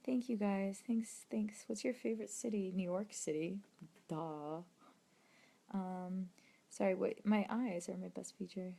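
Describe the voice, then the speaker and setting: A woman's voice: medium pitch, measured pace, gravelly, dark tone. A young woman chatting casually on a late-night livestream, reading fan questions aloud and rambling through her answers. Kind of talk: casual chat.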